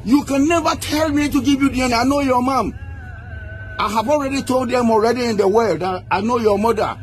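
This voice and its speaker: A man's voice: very high voice, fairly quick, faint music behind. A man, making an insistent public statement and ending his lines with "okay?". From Ghana. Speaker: man claiming to be a footballer's father.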